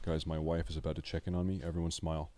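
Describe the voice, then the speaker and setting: A man's voice: rumbling low, level tone, rapid-fire. A young man chatting loosely and swearing while live-streaming a game, joking with his viewers. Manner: loud, joking, swears, rambles. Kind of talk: casual live-stream chat while gaming.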